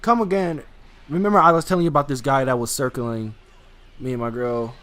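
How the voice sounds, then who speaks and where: A man's voice: medium pitch, fairly even intonation, brisk, a bit bright. A young man telling a story casually, rambling and swearing, with many restarts and fillers.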